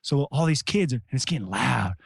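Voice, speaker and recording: A middle-aged American man, a retired Army Ranger, telling stories in casual talk, animated and profane, shouting out the lines he quotes. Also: mid-range voice, brisk, creaky, slightly rough, no echo. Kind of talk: casual storytelling.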